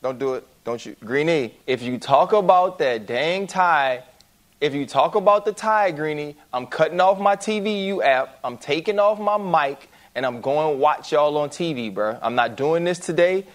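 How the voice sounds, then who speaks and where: Guy doing a stubborn radio host bit, won't let the point go, big lively swings. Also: on the high side, normal speed, close to an everyday voice. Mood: insistent. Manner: insistent, repetitive, pounding the point. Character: man impersonating a stubborn male sports radio host.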